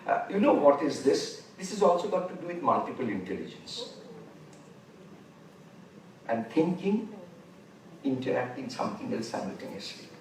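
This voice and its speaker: A man of about seventy with an Indian English accent, giving an unhurried conference lecture and pausing often to gather his thoughts. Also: medium pitch, sing-song. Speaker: conference speaker. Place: large conference hall. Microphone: distant room mic. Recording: very echoey hall, voice far from mic, faint noise.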